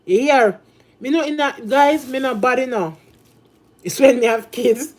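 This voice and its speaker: A middle-aged Jamaican woman with a high voice rants in thick patois, scolding and repeating herself. She talks casually to her audience. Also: measured pace. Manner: loud, scolding, patois-heavy. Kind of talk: ranting casual talk.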